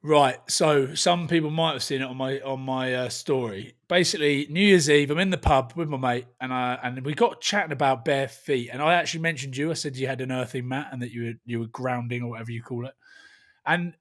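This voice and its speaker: Dude in his 30s ranting a funny story on a rugby podcast, swears a lot, chatty. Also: medium pitch. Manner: animated storytelling, swears freely. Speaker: podcast host. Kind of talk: casual chat.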